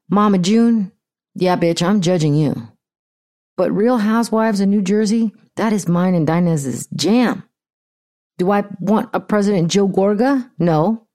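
A woman's voice: medium pitch, dark tone. An American woman hosting a podcast with blunt, profane, ranting casual commentary. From United States. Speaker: podcast host.

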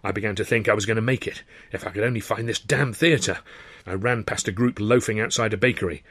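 A man reading his own novel aloud as author-narrator, with brisk, wry storytelling. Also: on the low side, steady tone, a bit bright, husky. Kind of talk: audiobook narration.

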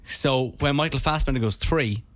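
A man co-hosting a podcast in casual chat, telling a story in a rambling, animated way. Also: mid-range voice, normal speed, dry recording. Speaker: podcast co-host.

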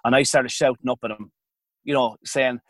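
A man's voice: medium pitch, fairly even intonation, moderate pace, fairly bright tone, no room sound. A man in his thirties with an Irish accent, telling stories in a rambling, colloquial way as a podcast guest. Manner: rambling, self-interrupting, colloquial. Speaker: podcast guest, former hurler. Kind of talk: casual storytelling.

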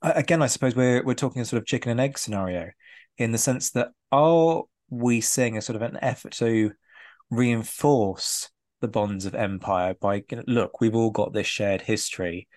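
A man's voice: mid-range voice, moderate pace, a little mellow, no echo, clean studio sound. A man hosting a podcast, asking long, thoughtful, winding questions of a guest. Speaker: podcast host. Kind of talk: conversational podcast interview.

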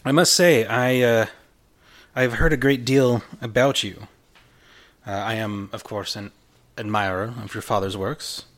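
A man's voice: lowish voice, fairly even intonation, fairly bright tone. A man voicing a middle-aged, Spanish-looking male party host who speaks formally with an Arabic accent, over guitar music. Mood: courtly. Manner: formal, gracious, slow and measured.

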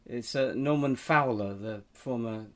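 A man co-hosting a podcast, spinning absurd stories in a rambling, deadpan way with frequent restarts. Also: medium pitch, unhurried. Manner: rambling, restarts mid-sentence, spins absurd stories with a straight face. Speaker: podcast co-host. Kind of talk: deadpan comic chat.

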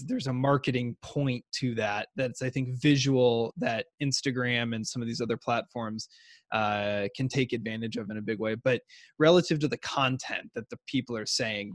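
A man's voice: medium pitch, no room sound. Man asking thoughtful questions, dry sound. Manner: agreeable, thoughtful questions with restarts. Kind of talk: casual chat.

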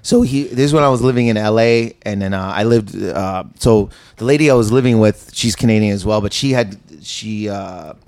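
A man's voice: on the low side, fairly quick, hardly any pauses. A male comedian telling a story in casual chat, swearing and acting out the people in it. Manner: animated, swearing, acts out quotes. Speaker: guest comedian.

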